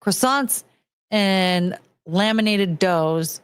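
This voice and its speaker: A woman's voice: mid-range voice, extremely slow, smooth. An American woman hosting a casual livestream, ranting loosely and swearing as she talks to her chat. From United States. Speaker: streamer host.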